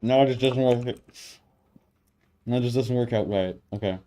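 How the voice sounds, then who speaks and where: A man's voice: mid-range voice, moderate pace, mellow. A man talking to himself as he codes, muttering, swearing and grumbling in exasperation. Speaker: programmer streaming his work. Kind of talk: casual talk-aloud coding session. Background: keyboard typing and faint music.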